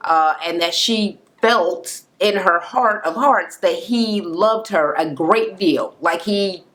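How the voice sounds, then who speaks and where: A woman's voice: fairly low pitch, takes it slowly, fairly bright tone. A woman giving a casual, profane rant as she recaps a reality show. She talks bluntly and keeps the story moving. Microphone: camera-mounted recording setup.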